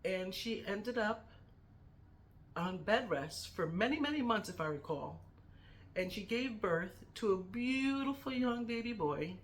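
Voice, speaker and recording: A woman's voice: medium pitch, animated, a little slow. Middle-aged woman, vlogger, heartfelt, emotional, close to tears. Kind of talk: personal tribute to a family member.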